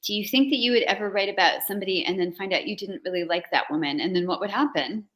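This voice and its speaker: A woman's voice: medium pitch, fast, a bit bright. A woman hosting an interview over a video call, chatting informally and joking with her guest. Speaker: interview host. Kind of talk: casual interview chat.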